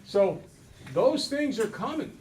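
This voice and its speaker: A man's voice: extremely high pitch, takes it slowly, recorded from a distance, a little hiss or hum, rough recording. A man teaching a math class, talking to students and acting out little scenes as he goes. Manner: animated storyteller, acts out voices. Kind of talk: classroom lecture.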